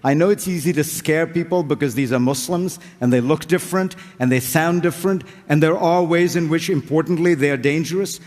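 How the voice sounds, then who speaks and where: A man's voice: fairly high pitch, fairly quick, hardly any pauses, a little mellow. A man from India, speaking earnestly and persuasively in a formal debate. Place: large hall before an audience. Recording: reverberant debate hall.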